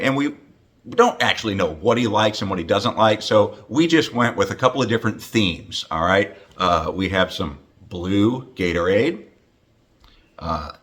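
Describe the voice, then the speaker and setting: An American hockey announcer in his fifties records a greeting video, talking to the camera in a jokey vlog style that's teasing and playful, packed with fillers and asides. His voice is lowish and a touch bright.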